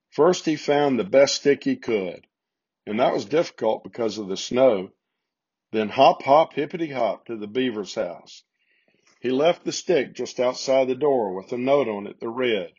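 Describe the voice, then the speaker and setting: A man reads a children's Christmas story aloud in a steady, gentle way. His voice is husky and sits at a middle pitch. The recording has a slightly dull, lo-fi sound. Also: measured pace.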